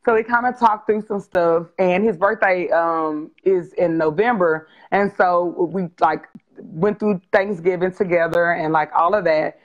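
A woman in her forties, a guest telling her life story on a video call interview, open and animated. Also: on the low side, a little slow, lo-fi sound. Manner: animated, open, acts out quoted dialogue with laughs.

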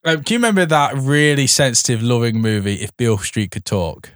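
A man's voice: medium pitch, brisk, fairly bright tone, no echo, studio quality. A man co-hosting a podcast, trading film puns in a casual, laughing chat. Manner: joking, pun-making, laughs often. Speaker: podcast co-host.

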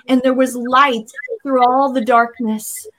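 Woman, high voice, earnest testimony, acts out her own past words, interview guest. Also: fairly even intonation, slow, a bit bright. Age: adult. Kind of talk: personal faith testimony.

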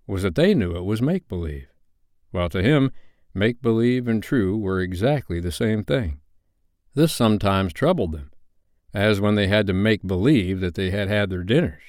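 A man reading a classic novel aloud as a bedtime story in an expressive, animated way. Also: lowish voice, dry recording, clean studio sound.

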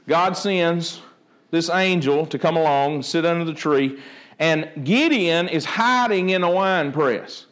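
A man preaches a sermon in a high voice. He acts out the dialogue of the story as he tells it, animated and expressive. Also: normal speed. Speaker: pastor.

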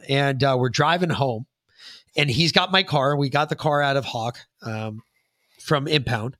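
A man's voice: medium pitch, measured pace, fairly bright tone, no room sound, studio quality. A middle-aged man from New York State co-hosting a podcast, telling a story in a casual, profane way and acting out other people's lines. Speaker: podcast co-host.

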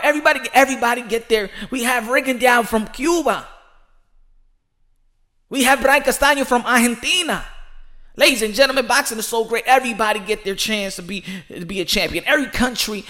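Bright, animated man riffing on boxing. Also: high voice. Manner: animated, rambling, quick to laugh. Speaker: boxing commentary vlogger. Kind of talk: casual commentary.

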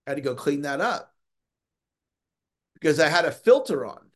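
A middle-aged man coaching on a motivational call, earnest, often slowing down to stress key words and repeating phrases. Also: fairly high pitch, big pitch swings. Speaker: sales coach.

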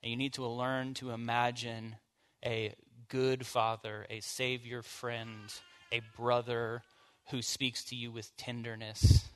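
A man's voice: medium pitch, level tone, slow, few pauses, clean tone. A man leading a church bible study, teaching in an informal, conversational way and asking the group questions. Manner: informal, asks the group questions, casual fillers.

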